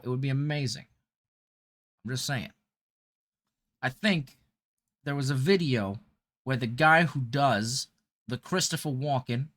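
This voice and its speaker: A man's voice: mid-range voice, fairly bright tone, dry recording. A man streaming live, chatting casually and reacting aloud with laughter.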